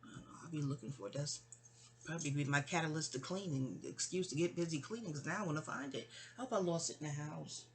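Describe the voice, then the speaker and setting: A low-voiced, fast-talking New York woman narrates her memoir, rambling through her life story with frequent digressions, breaking off and circling back. She interrupts herself and adds sighing asides, with slight background noise.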